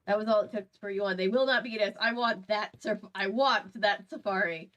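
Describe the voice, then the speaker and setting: A woman's voice: mid-range voice, a little fast, a bit bright, dull audio. A woman hosting a stream, reading fan fiction aloud with a playful manner, laughing and stumbling and adding asides as she goes. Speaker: host.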